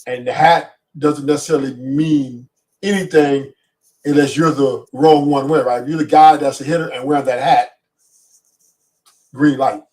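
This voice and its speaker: A man's voice: mid-range voice, fairly even intonation, normal speed, darkish tone, far from the mic. A man with a Los Angeles accent, a podcast guest talking casually in a streetwise, emphatic way and often repeating himself.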